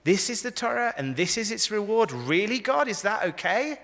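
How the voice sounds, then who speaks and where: A man voicing a distressed ancient prophet who protests and pleads with God, his voice climbing high. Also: big pitch swings, normal speed, fairly bright tone, heavily acted. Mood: pleading. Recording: echoey hall.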